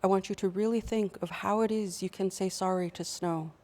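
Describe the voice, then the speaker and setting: A woman voicing the Creator, a grave male maker spirit, in a slow, even storytelling delivery. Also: medium pitch, close to an everyday voice. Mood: stern. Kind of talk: oral storytelling.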